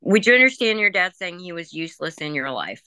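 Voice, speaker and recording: Chatty, bright-voiced woman medium. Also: fairly low pitch, very animated, fairly quick, clear, resonant tone, dry recording. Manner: chatty, laughing, relays messages in quoted voices. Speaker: psychic medium. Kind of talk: group reading session.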